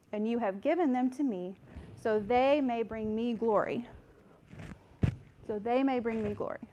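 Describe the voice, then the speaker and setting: A woman's voice: fairly high pitch, a little hiss or hum. A woman teaching a Bible study and reading scripture aloud, earnest and conversational, a little out of breath at the mic. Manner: earnest, conversational, apologetic asides. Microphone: microphone.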